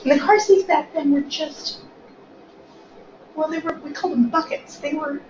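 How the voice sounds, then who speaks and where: A woman in her sixties with a hoarse voice from coughing, leading a small-group class discussion as facilitator and department chair. She talks in a chatty, self-deprecating way and keeps asking the group questions. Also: high-pitched, fairly even intonation, normal speed, a little mellow, distant mic. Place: classroom or meeting room. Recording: echoey lo-fi room recording with background noise.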